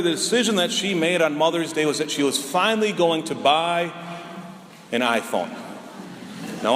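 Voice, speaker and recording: A man's voice: fairly high pitch, fairly bright tone. A male priest from Minnesota telling a light, self-mocking story during a homily. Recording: echoey hall with faint noise.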